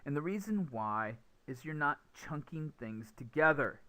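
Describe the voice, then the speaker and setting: A man teaching English pronunciation in a lecture, speaking deliberately and acting out stressed and unstressed words as examples. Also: on the high side, animated, sharp tone. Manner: slow, deliberate, demonstrative stress and pauses. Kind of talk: classroom lecture.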